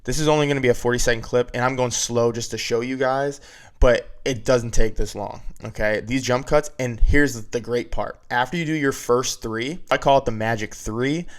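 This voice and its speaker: In this screen-recorded tutorial, a man walks through video editing casually, one step at a time, frequently asking "right?". He speaks in a mid-range voice at a moderate pace.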